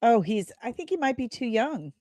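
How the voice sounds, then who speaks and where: A woman hosting a live show, reading viewer comments aloud and answering them in a chatty way with quick asides, often laughing at herself. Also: fairly high pitch, sing-song, dark tone, no echo, studio quality. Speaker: host.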